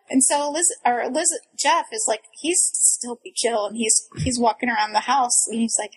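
A woman in her thirties with a noticeably breathy, husky voice pitched a little high. She tells a long personal story in casual chat, animated and breathless, tripping over restarts as she goes. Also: normal speed, few pauses, poor audio. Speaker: guest storyteller.

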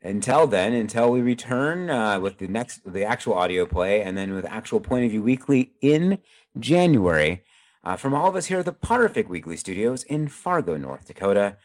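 A man's voice: lowish voice, sing-song, moderate pace. A man hosting a casual podcast wrap-up who laughs easily and stumbles over his words. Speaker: podcast host.

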